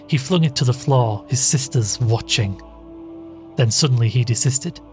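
Guy narrating an old ghost story, measured, soft music under it. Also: medium pitch. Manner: measured, voicing each character. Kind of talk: dramatic reading of a classic ghost story. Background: faint music.

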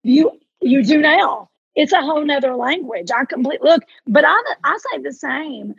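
A woman's voice: sits high, normal speed, gravelly, no echo, muffled recording. A woman from Eastern Kentucky with a Southern accent, a podcast guest chatting casually and animatedly acting out quotes in her stories. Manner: animated storyteller, acts out quotes. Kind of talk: casual interview chat.

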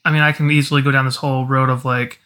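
A man's voice: medium pitch, level tone, racing, bright, forceful tone, clean tone. A man co-hosting a casual podcast, talking earnestly and filling his speech with "you know.". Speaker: podcast co-host. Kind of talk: casual chat.

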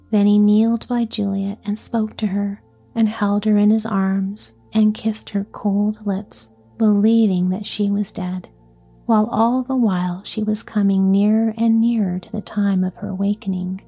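A woman reading a storybook tale aloud in a soft, often whispery voice. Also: medium pitch, gravelly, husky. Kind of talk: scripted storybook narration.

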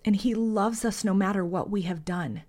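A woman's voice: mid-range voice, normal speed, darkish tone. Earnest woman hosting a faith podcast. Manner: earnest, heartfelt, conversational; reads scripture, then prays aloud. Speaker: podcast host.

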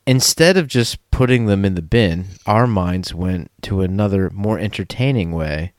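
A man's voice: low voice, moderate pace, no echo, studio quality. A man hosting a podcast, reading a listener's letter aloud in a loose, casual chat. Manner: lively, laughing, loose. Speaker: podcast host.

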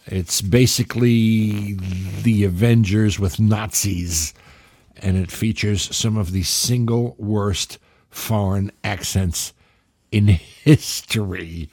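A man hosting his own show, giving sardonic, deliberate recommendations with the odd laugh. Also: on the low side, a little mellow, no room sound, studio quality. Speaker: podcast host. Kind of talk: casual comedic monologue.

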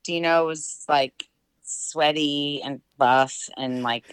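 A middle-aged woman telling a personal story in casual chat, full of fillers and lively quoted voices. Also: deep voice, slow, clear, resonant tone, dry recording, low-quality recording. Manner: chatty, filler-heavy, animated quoting.

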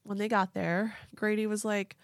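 Woman, casual storytelling chat, animated, gravelly, dry close sound. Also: mid-range voice, moderate pace, dry recording. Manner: chatty, animated, swears casually, puts on voices for people in the story. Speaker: podcast co-host telling a true story.

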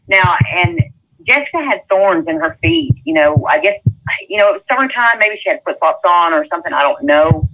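A middle-aged woman, recounting events in a rambling, halting way during an interview. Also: medium pitch, animated, vocal fry, muffled recording. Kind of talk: casual spoken recounting.

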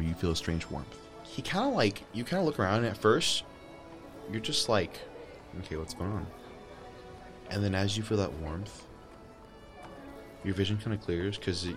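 A man running a tabletop game as game master, narrating with animated storytelling that swings between hushed and loud. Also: deep voice.

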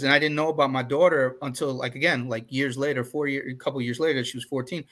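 A man's voice: medium pitch, fairly even intonation, a little fast, pushed and bright. A man in his forties, a podcast co-host, talking candidly in casual chat and often restarting his sentences. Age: 40s.

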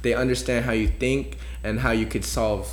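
A young podcast co-host tells a personal story in a relaxed, slang-filled chat. His voice is medium in pitch, even in tone, and unhurried.

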